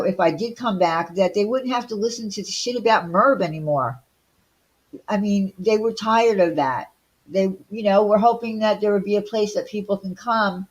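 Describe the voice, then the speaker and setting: A middle-aged woman from Long Island talks, blunt and indignant as she hosts a casual livestream rant. She fires off rhetorical questions at a medium pitch in a loose, conversational delivery. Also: low-quality recording. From Long Island, New York. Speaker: livestream host.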